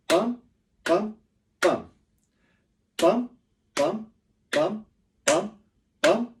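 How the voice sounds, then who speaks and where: A man's voice: mid-range voice, a little mellow, distant mic. A middle-aged man teaching pronunciation to a class of children, patiently explaining words and chanting the beats. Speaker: ESL teacher.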